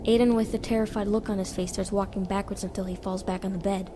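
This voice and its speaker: A woman reading her own short story aloud in a plain, steady way. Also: medium pitch, fast. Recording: reverberant with background music.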